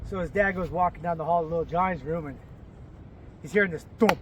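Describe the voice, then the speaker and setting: A man's voice: on the high side, quick pace, recorded from a distance, noisy background. A man casually telling a crude joke outdoors. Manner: casual storytelling, crude language. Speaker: joke teller.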